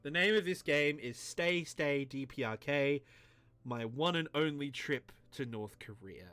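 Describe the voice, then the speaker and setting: A man's voice: medium pitch, normal speed, fairly bright tone. A tipsy man streaming a game, rambling, self-mocking and crude as he talks to his chat. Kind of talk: drunken game commentary.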